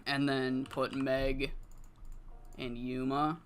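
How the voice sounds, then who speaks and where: Low-voiced, foul-mouthed woman streamer. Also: lively intonation, takes it slowly, pauses often, fairly bright tone. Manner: profane, swinging from muttering to frustrated outbursts. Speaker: game streamer. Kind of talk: live-streamed gameplay commentary.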